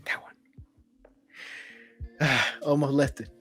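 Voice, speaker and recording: A man hosting a podcast interview, enthusiastic and halting, often restarting his sentences. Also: mid-range voice, steady tone, fairly bright tone, husky. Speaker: podcast host.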